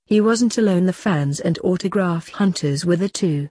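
A woman reading a short story aloud in a calm, even storytelling voice. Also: on the low side, normal speed, husky, no room sound, clean studio sound. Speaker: narrator. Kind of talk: scripted story narration.

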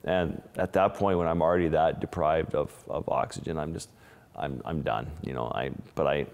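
A man's voice: a bass voice, fairly even intonation, moderate pace, gravelly, a little mellow, long reverb tail, slight background noise. A man, an underwater photographer, telling stories of close calls in an interview, with frequent restarts and vivid retelling. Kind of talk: storytelling interview.

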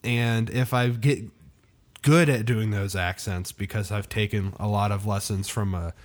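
A man's voice: fairly low pitch, steady tone, unhurried. A man co-hosting a podcast in casual, joking chat, easygoing and self-deprecating with hesitant fillers. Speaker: podcast co-host.

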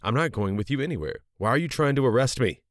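A man's voice: mid-range voice, expressive, a little fast, dry recording, studio quality, voice pushed up, lightly acted. A man voicing a woman who protests her arrest, indignant and insistent in a storybook reading. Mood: defiant. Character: anxious woman facing arrest, defiant.

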